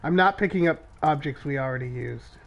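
A man's voice: fairly high pitch, gravelly, muffled recording, a little hiss or hum. A man co-hosting a horror game stream in casual chat, swearing often as he plays. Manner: swears a lot, drawn-out and anxious. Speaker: co-host playing a horror game.

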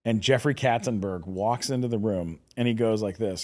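A man's voice: fairly low pitch, moderate pace, hardly any pauses. A middle-aged man, a podcast guest, telling stories in casual chat with lots of "like" and "dude". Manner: animated storyteller, frequent "like" and "dude".

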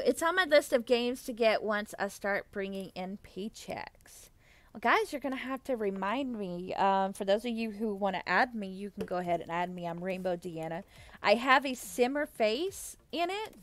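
A woman's voice: mid-range voice, pushed and bright, no echo. A young adult woman chatting casually with viewers on a live stream, bubbly and giggly, thanking them effusively. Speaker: livestreamer.

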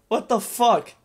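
A young man hosting a casual gameplay commentary with a friend, energetic and swearing freely. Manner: energetic, loud, swearing banter. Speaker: gaming channel host.

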